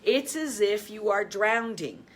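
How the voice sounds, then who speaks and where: Middle-aged woman, life-business coach hosting her own show; emphatic, upbeat delivery with frequent laughs, softening for guided breathing. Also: a little slow. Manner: energetic, emphatic, laughs often, drops soft and low when guiding breaths. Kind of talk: motivational talk with guided breathing.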